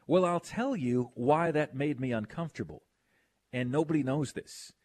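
A man hosting a sports radio show, chatting casually and reading listener texts aloud. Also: on the high side. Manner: animated, quick to protest, reads listener texts aloud.

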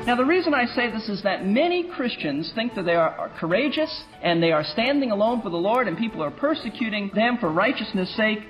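A male pastor teaching a Bible class in an animated, wry way with playful asides. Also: sits high, a little fast, few pauses, over music, poor audio.

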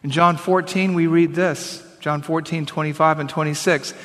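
Man, preaching sermon, emphatic, slightly high voice, long hall reverb. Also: steady tone, fairly bright tone. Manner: emphatic preaching, slows to read scripture aloud. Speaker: pastor.

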